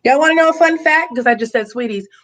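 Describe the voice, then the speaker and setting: A fairly high-voiced woman hosts a casual live stream from her living room by the fireplace. She is chatty and bubbly, laughs often and fills her talk with ums and you-knows as she answers viewer comments. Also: quick pace, fairly bright tone. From born in Boston, raised in Tampa, Florida, US.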